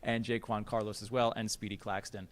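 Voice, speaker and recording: Fast-talking male sports interviewer. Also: on the low side, little pitch movement, a little hiss or hum. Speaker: interviewer, show host.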